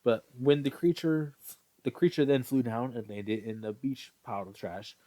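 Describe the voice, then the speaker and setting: A man's voice: mid-range voice, moderate pace, mellow, no echo. A man casually reading a fan story aloud, often stumbling, correcting himself and apologizing. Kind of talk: casual read-aloud with asides.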